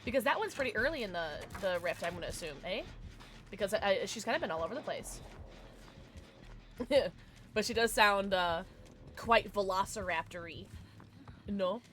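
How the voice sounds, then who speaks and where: A woman streaming a game live, chatting excitedly with viewers and her teammates and calling people love. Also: medium pitch, moderate pace, pauses often. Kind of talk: live gameplay commentary.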